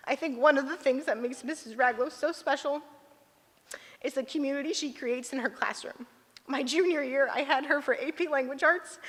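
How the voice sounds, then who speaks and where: A woman's voice: sits high, fairly bright tone. A teenage girl reading a heartfelt speech to her teachers at a ceremony, laughing often and getting emotional. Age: late teens. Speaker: graduating student giving a speech. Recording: long hall reverb.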